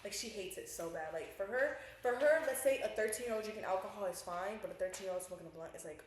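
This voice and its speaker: A young woman co-hosting a podcast, telling stories fast and acting out quotes, with plenty of swearing. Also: medium pitch. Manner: animated storytelling, acts out quotes, swears freely. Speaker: podcast co-host. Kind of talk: casual chat. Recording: echoey room with faint noise.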